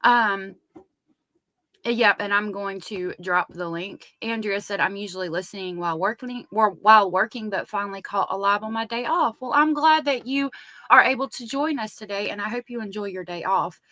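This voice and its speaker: A woman's voice: mid-range voice, normal speed, bright, forceful tone, no echo. A woman with a Southern US accent hosting a casual true crime live stream, chatting and greeting viewers by name.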